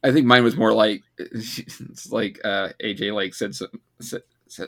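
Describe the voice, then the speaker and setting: A man's voice: on the low side, fairly even intonation, unhurried. A middle-aged man co-hosting a podcast, jokey and stammering as he acts out quotes. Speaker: podcast co-host. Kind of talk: casual chat.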